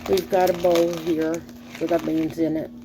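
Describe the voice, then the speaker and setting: A woman's voice: sits low, level tone, background noise. A middle-aged woman from the American South with a Southern accent, chatting casually and folksily while cooking. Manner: slow, folksy, rambling with fillers and sighs. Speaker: cooking vlogger.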